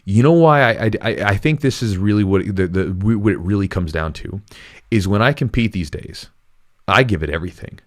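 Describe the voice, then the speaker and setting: A man's voice: fairly low pitch, animated, a little fast. A man hosting a jiu-jitsu podcast, talking in an earnest, rambling way with frequent restarts. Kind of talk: casual podcast chat.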